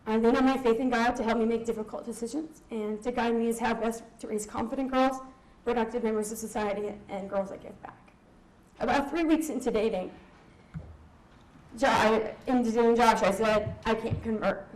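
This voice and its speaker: In a conference hall with lots of echo, a young woman from Southern California opens up in an emotional, candid talk, laughing now and then. Her voice sits a little high, steady in tone and darkish, and she talks fairly quickly.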